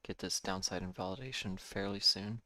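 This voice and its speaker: A man giving live day-trading commentary, measured and thinking aloud, correcting himself now and then, a bit tired. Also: low-pitched, sharp tone, dry recording.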